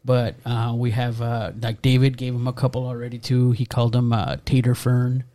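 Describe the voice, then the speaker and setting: Male co-host, teasing sidekick, warm dark tone, dry close sound. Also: medium pitch, monotone, no room sound. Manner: teasing, quick interjections. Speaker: podcast co-host. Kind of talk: casual chat.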